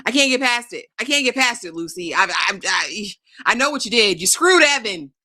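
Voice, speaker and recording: A woman acting out a furious, vengeful young college man who rants, repeats himself and ends in hushed threats. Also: a little high, expressive, brisk.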